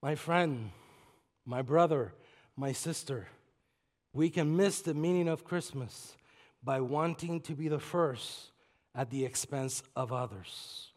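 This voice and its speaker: A man from preaching a sermon in a church, telling a story that swings from soft asides to shouted climaxes. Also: fairly high pitch, takes it slowly. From Puerto Rico. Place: church sanctuary. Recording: long hall reverb.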